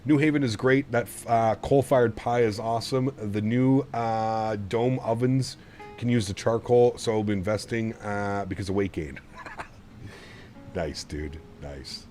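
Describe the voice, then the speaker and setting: A man's voice: on the low side, a little slow, darkish tone, soft background music. A man live-streaming a flight simulator, chatting casually and rambling to his viewers while he flies. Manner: chatty, rambling, laughs often. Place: home sim setup.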